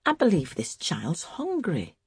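A woman voicing a dark-browed mother who speaks with hard pity. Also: on the low side, wildly swooping pitch, husky, no room sound, studio quality, full character voice. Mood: concerned. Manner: hard, measured.

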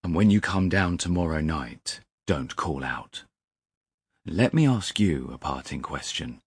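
A man voicing a troubled railway signalman who speaks low and grave, close to a whisper. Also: lively intonation, measured pace, slightly rough, dry recording, heavily acted. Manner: low, hushed, grave delivery. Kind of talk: audiobook character reading.

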